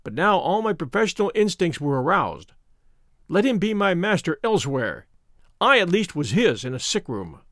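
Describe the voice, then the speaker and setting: Man reading a story with lively, expressive pitch. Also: no echo, studio quality. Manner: measured, expressive first-person reading. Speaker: narrator. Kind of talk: scripted audiobook narration.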